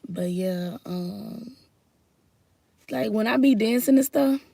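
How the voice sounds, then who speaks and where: A young woman from Florida with a Southern accent, chatting casually to her viewers in a rambling, heartfelt way that swings from soft murmurs to loud bursts. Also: on the high side, takes it slowly, vocal fry, husky, dry recording. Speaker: vlogger. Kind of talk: casual chat to camera.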